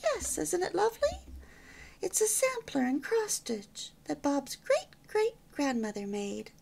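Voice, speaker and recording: Woman playing a young newlywed housewife, chatty, eager, lively pitch, slightly gravelly. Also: unhurried, heavily acted. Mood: proud, chatty. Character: cheerful young newlywed housewife, proud homemaker.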